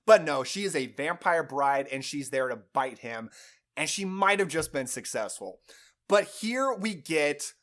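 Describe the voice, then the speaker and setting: Male film reviewer, lively pitch, fairly high voice, chatty enthusiasm, casual channel host. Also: unhurried.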